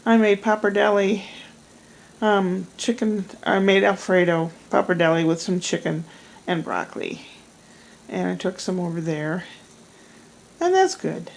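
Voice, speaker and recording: A woman's voice: mid-range voice, lively intonation, unhurried, gravelly, long pauses, low-quality recording. A middle-aged woman chatting casually at home at night in a rambling, self-deprecating vlog. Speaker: vlogger. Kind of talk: casual chat.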